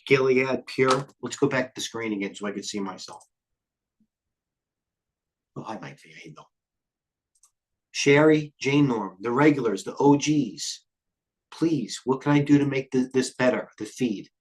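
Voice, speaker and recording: A middle-aged man hosting live market commentary, rambling and jumping between tangents. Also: mid-range voice. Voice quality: occasional cursing, blunt and fast-thinking. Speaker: trading stream host.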